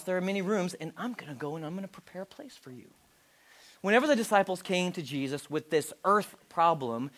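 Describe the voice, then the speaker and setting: A man in his forties, a pastor giving a sermon, talking directly and conversationally and often dropping to a hush. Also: high-pitched. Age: 40s. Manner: direct, conversational preaching with dramatic drops to a hush.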